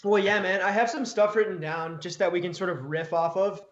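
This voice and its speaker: A man's voice: sits high, fairly even intonation, a little fast, reverberant, highs cut off. A man in casual podcast chat, laid-back, calling the other host "dude" and "man". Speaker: YouTube cooking creator, guest.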